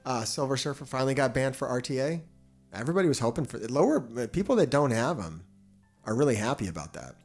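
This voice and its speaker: A man's voice: mid-range voice, very animated, fast, faint music behind. Profane, rambling male streamer. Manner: profane, rambling, laughs often. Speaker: livestream host. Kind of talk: casual live-stream chat.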